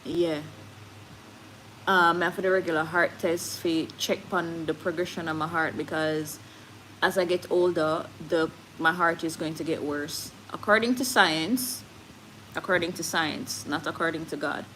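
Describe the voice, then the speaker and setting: A woman's voice: low voice, fairly even intonation, unhurried, a bit bright, a little hiss or hum, low-quality recording. A woman with a Jamaican accent chatting candidly on a live stream, slipping into patois as she talks. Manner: candid, switching into patois, reads viewer comments. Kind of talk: casual live-stream chat.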